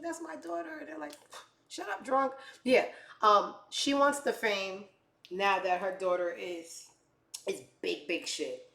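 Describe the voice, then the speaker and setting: A woman host tears into the news with heated, profane commentary. Her voice is bright and forceful, and the room around her sounds roomy and echoey. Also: on the low side, a little hiss or hum. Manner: heated, swearing, blunt. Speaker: show host. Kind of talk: profane comedic rant commentary.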